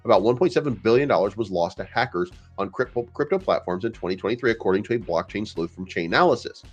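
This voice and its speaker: A man's voice: fairly low pitch, expressive, fast, highs cut off, soft background music. A man hosting a crypto channel, talking in a casual, profane, stammering rant. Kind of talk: casual ranting commentary.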